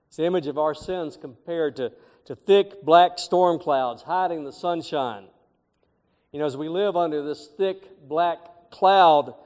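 A man's voice: a little high, darkish tone. A middle-aged man preaching a sermon as pastor, with emphatic, swelling phrases. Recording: long hall reverb.

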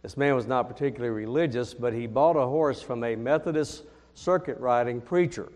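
A man's voice: medium pitch, brisk. Preacher man in a reverberant church. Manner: animated storytelling preacher, rising to emphatic questions. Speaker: pastor. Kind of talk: sermon. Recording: long hall reverb.

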